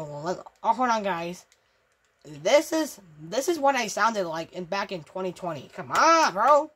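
A woman hosting a gaming channel, talking casually over gameplay, stammering and repeating herself, swearing and easily riled. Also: mid-range voice. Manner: stammering, repetitive, profane, excitable.

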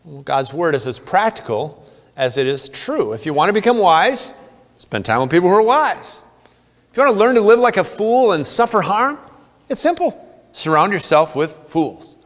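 A man's voice: sits high, big pitch swings, moderate pace. Preaching man in a reverberant church. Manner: earnest preaching, reading scripture aloud, playful asides. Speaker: pastor. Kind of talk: sermon. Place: church sanctuary.

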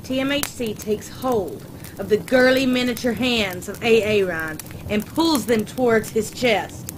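A woman reading a crude comic fan story aloud in a deadpan, unhurried way. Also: medium pitch. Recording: noisy background ambience.

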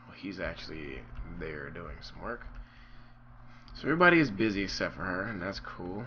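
A man's voice: low-pitched, expressive, normal speed, muffled recording, slight background noise. A man hosting a let's play, commenting casually and thinking aloud with frequent ums as he runs a movie studio. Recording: voice over loud game music.

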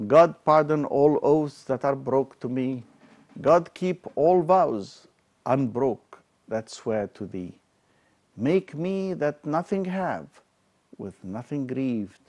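A man reciting brooding deposed King Richard II. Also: fairly high pitch. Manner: slow, declamatory, swelling and falling in loudness. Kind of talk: dramatic verse recitation.

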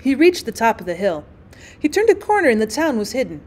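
A woman's voice: on the high side, sing-song, brisk. A young woman reading a classic short story aloud as a teacher, voicing the dialogue expressively.

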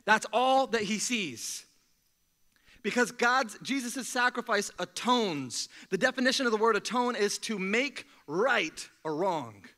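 Young male pastor, high bright voice, energetic sermon with humor. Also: unhurried. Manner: energetic call-and-response preaching with jokes. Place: church sanctuary.

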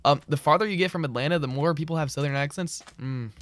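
A man's voice: a little high, fast, fairly bright tone. A man streaming a game, chatting casually in a loose, slangy, rambling way as he answers his chat. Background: keyboard clicks and typing.

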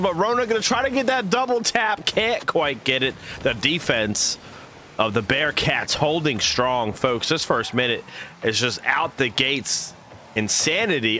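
Bright-voiced playful male game caster. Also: medium pitch, lively intonation, measured pace, a little hiss or hum. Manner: playful, silly made-up words, chats with viewers. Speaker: esports caster and streamer. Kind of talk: live game commentary.

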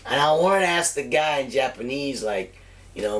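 Man, middle pitch, casual profane storyteller, rambling and animated; slightly distant mic. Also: brisk. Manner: rambling, heavy swearing, animated retelling. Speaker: cigar reviewer telling a story.

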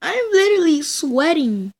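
A woman's voice: sits high, very animated, normal speed, a little hiss or hum. A young woman giving frustrated gameplay commentary, shrieking and groaning as she talks to her viewers. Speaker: gaming channel host.

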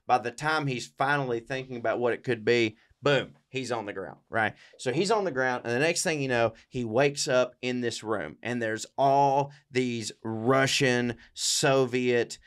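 A man's voice: medium pitch, a little slow, hardly any pauses. A man co-hosting a comedy podcast, telling a rambling, profane made-up history story and dropping into silly voices for the characters.

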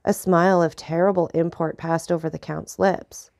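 A woman narrating an audiobook of a classic novel in a steady, clear reading voice. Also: on the low side, normal speed, no room sound, clean studio sound.

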